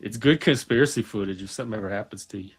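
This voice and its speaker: A man hosting a casual panel chat, teasing and wisecracking with quick asides. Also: lowish voice, breathy edge, soft background music. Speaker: host.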